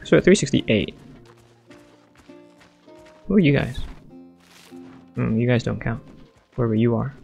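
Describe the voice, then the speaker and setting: Gravelly-voiced man, excitable gamer thinking aloud, soft game music behind. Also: medium pitch, unhurried, pauses often. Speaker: gamer playing a strategy game. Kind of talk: casual let's-play commentary.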